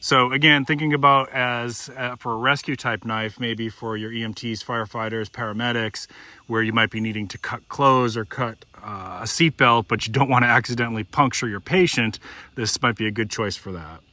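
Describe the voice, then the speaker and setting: Middle-aged man, knife reviewer, bright, folksy and conversational, shows as he talks. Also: medium pitch, steady tone, moderate pace, no room sound. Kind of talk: casual product review.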